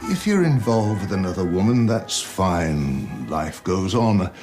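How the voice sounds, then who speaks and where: A man's voice: low-pitched, sing-song, a little mellow, soft background music. A man playing a blunt, plain-spoken man who confronts a liar in a TV drama. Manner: blunt, pointed, deliberate. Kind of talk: TV drama acting.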